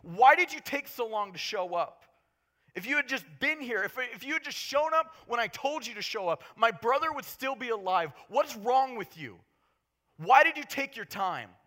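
Man playing grieving woman, angry and pleading, high bright lively voice. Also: moderate pace, full character voice. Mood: grief-stricken accusing. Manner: pleading, accusing, raised voice.

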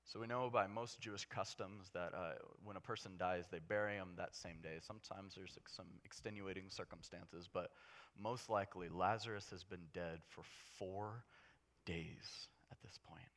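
A man preaching a casual, conversational sermon in an animated, jokey way, swinging between hushed and loud. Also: low voice, moderate pace.

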